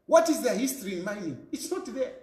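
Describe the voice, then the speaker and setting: A fiery Zambian man delivers a heated political rant in a high, swooping voice that leaps up and down in pitch. He hammers home his points with repeated rhetorical questions, and the room around him sounds echoey. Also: very animated, fast talker, darkish tone. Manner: fiery, repetitive rhetorical questions, mixes local language into English. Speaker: political commentator. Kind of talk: impassioned political monologue.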